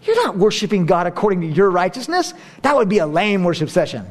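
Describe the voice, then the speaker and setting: A middle-aged man preaching a sermon, animated, swinging between hushed and loud, with playful asides. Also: high voice, quick pace. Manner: playful asides and self-mocking humor. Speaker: pastor.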